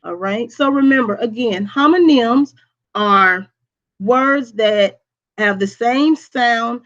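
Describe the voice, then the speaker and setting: A woman teacher with a fairly high voice and a Southern US accent talks through a lesson at a very slow, careful pace. She spells words out letter by letter and checks in with students as she goes. The recording is dull and lo-fi.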